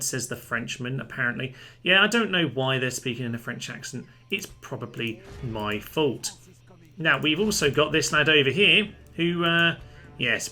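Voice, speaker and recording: A man commentates on a strategy game playthrough as its host, in a chatty, wry voice with a dry sense of humour. His tone is bright and clear. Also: mid-range voice. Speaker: let's play host.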